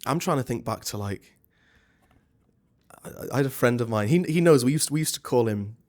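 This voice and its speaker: A man, a stage actor, talking as a guest in a casual interview, animated and chatty with many restarts. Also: medium pitch, moderate pace.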